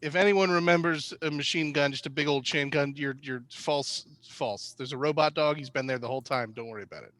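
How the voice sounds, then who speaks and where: A man's voice: on the high side, fairly quick, hardly any pauses, fairly bright tone. A man playing in an online tabletop game, chatting casually and joking. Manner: joking, playful. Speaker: player.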